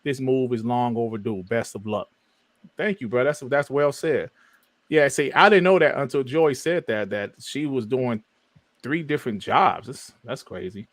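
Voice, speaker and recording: A male podcast host chatting casually about games. His voice sits in an ordinary middle range, recorded dry and close. He jumps up in pitch when reacting to viewer comments. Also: moderate pace, no echo. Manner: animated, reads chat comments aloud.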